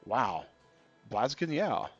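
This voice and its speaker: A man's voice: mid-range voice, sing-song, slow pace, fairly bright tone, husky, dry recording. A man streaming a game, chatting casually and reading out viewer comments. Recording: dull lo-fi stream audio with faint music.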